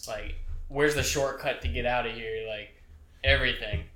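A man's voice: mid-range voice, steady tone, normal speed, pushed and bright, reverberant. A young man, a military veteran, telling profane boot camp stories in casual chat with friends, laughing as he goes.

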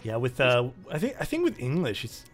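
A man from Ontario with a Canadian accent, chatting casually in an animated, rambling way. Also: mid-range voice, a little fast, faint music behind. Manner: animated, rambling, talks over others. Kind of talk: casual chat.

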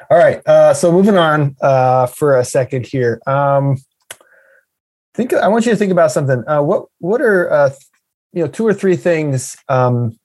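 A man's voice: a little high, animated, a little slow, long pauses, darkish tone, dry recording, poor audio. A man hosting a podcast, asking questions in an encouraging, enthusiastic way during a casual interview. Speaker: podcast host.

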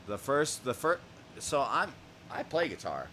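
A man hosting a music podcast in casual chat, profane and excitable, laughing often and shouting out lines he quotes. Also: mid-range voice, normal speed, slight background noise. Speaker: podcast host.

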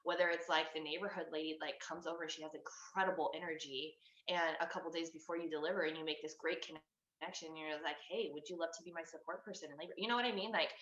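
A woman's voice: low voice, steady tone, fast, fairly bright tone, roomy sound, muffled recording. A woman in her thirties, a birth coach, talking as a podcast guest in a chatty way, laughing often and saying "like" a lot.

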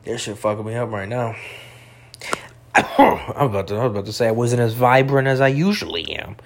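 A young man talking crudely in a rambling casual monologue, full of fillers and slang, tipsy and high. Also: a little fast, creaky, a little hiss or hum.

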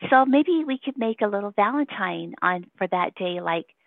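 A woman's voice: mid-range voice, animated, moderate pace, gravelly, no echo. A woman giving a casual phone interview, rambling and emotional, laughing often between her points. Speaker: interview guest. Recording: tinny phone line.

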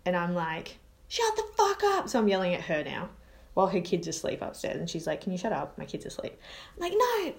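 Blunt, swearing woman. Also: medium pitch. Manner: blunt and profane, animated retelling. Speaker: guest telling a personal story. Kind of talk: casual storytelling.

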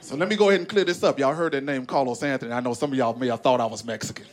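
This Arkansas-born stand-up comedian races through his material in a Southern American accent, telling profane, animated stories on stage. He leaps up and down in pitch to voice characters, while a big comedy venue's audience laughs and makes noise around him.

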